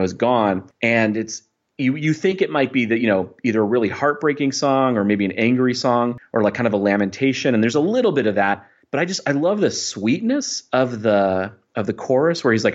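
A man's voice: lowish voice, highs cut off. A man hosting a podcast, talking about a favorite song in a reflective, rambling way with many fillers. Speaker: podcast host. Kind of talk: casual music discussion.

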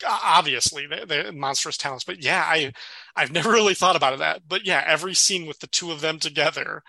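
Podcast co-host, male, bright and close-miked, lively storyteller who acts out quotes. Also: fairly high pitch, a little fast, gravelly, no room sound. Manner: animated retelling, acts out quoted dialogue, laughs often. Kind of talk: casual chat recapping a sitcom episode.

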